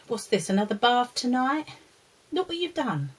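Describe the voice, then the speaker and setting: A woman's voice: on the high side, very animated, moderate pace, breathy edge, rough recording. A woman presenting a children's lesson, talking fondly to a puppet and the viewers. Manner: talks fondly to a puppet dog and the children, with laughs and scolding.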